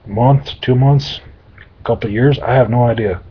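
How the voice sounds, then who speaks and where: A man's voice: mid-range voice, moderate pace, husky, natural voice. A man voicing an easygoing little male demigod who shapeshifts and answers questions vaguely, in a dull lo-fi recording. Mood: vague shrugging. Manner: casual, vague, shrugging.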